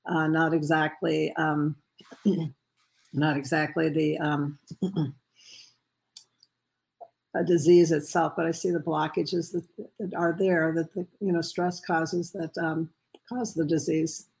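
A woman guest answers interview questions, pausing often with ums and uhs. Her voice sits slightly low. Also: little pitch movement, creaky, a little mellow, poor audio. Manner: hesitant, many fillers. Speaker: guest, medical intuitive.

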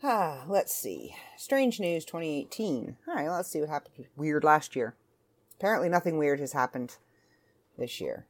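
Low-voiced woman rambling on her podcast. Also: sing-song, normal speed. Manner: rambling, self-interrupting, chatty. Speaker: podcast host. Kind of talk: casual solo podcast chat. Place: home.

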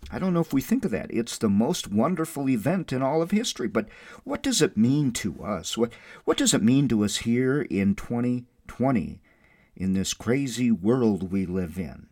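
A man preaching an online Easter sermon as a pastor, swinging from soft and mournful passages to loud, jubilant peaks. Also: mid-range voice, sing-song, normal speed, no room sound.

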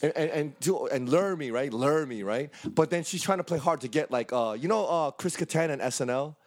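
Give me an animated man spinning a profane, story-driven chat with a slightly high voice. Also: a little fast.

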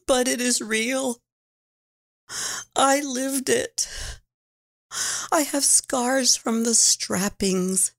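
A woman reads a first-person poem aloud on the radio, her voice sitting a little high. She moves very slowly, letting each short phrase stand on its own before the next. The delivery is solemn and measured. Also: dry recording, clean studio sound. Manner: slow, measured, pausing between short phrases. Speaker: radio show reader.

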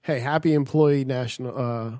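A man's voice: mid-range voice, fairly even intonation, normal speed, darkish tone. A man hosting a casual podcast chat, joking as he reads out a list of silly holidays. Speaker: podcast host.

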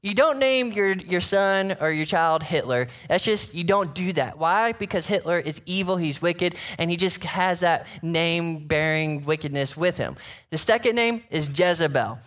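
A man preaching a sermon as pastor, talking conversationally with frequent "right?" asides and animated retellings of scripture. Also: sits high.

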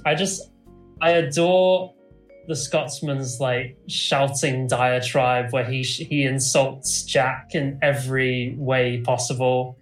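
A man co-hosting a casual podcast, gushing and rambling with many fillers. His voice sits at a middle pitch. The room is echoey, with faint music behind. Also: steady tone, slow. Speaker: podcast co-host. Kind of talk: casual chat.

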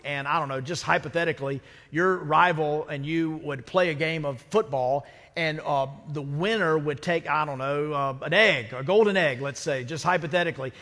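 A man with a fairly bright, high-side voice preaches a sermon as pastor, speaking conversationally and asking many rhetorical questions. The church sanctuary gives a long reverb.

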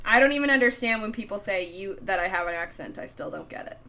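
A Canadian woman co-hosting a podcast, chatting casually about a TV episode and trailing off softly at the ends of her sentences. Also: mid-range voice, expressive, fast. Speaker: podcast co-host.

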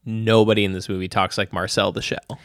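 A man's voice: lowish voice, little pitch movement, fairly quick, no room sound, clean studio sound. A man co-hosting a podcast, chatting playfully about movies with a teasing, hesitant manner. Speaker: podcast co-host. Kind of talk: casual chat about movies.

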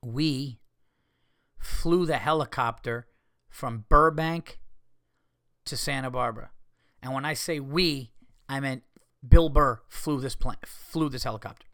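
This podcast host and comedian has a medium-pitched, somewhat bright voice, speaking a little slowly with long pauses. The studio-quality recording has no room sound. He tells a story casually and animatedly, swearing, acting out what people said, and adding sound effects.

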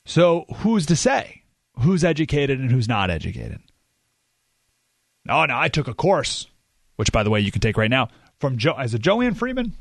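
A man's voice: mid-range voice, a bit bright, no room sound, clean studio sound. A man hosting a radio show, talking casually and rambling in a self-deprecating way, often laughing at himself. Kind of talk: casual talk radio monologue. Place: radio studio.

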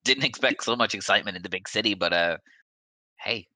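A man's voice: fairly low pitch, a little fast, sharp tone, no room sound. A man voicing a friendly dwarven priestess woman, helpful and a little hesitant.

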